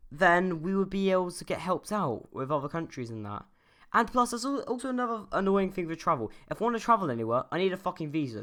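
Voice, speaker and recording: A man's voice: fairly high pitch, fairly bright tone. A young man from the UK giving a casual opinion rant as a YouTuber, rambling and swearing, with lots of fillers and restarts. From United Kingdom.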